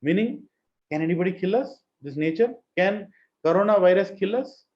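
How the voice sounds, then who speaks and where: Indian male teacher, slightly high voice, lecture style with chanted verses and questions, muffled recording. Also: lively intonation, moderate pace. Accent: Indian English. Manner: chants Sanskrit verses, asks the class questions. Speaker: spiritual teacher. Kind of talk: scripture class lecture.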